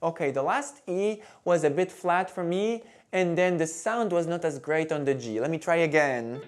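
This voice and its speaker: A man teaching violin intonation in a calm, clear, demonstrative way. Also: on the high side, moderate pace, faint music behind. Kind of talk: instructional video talk.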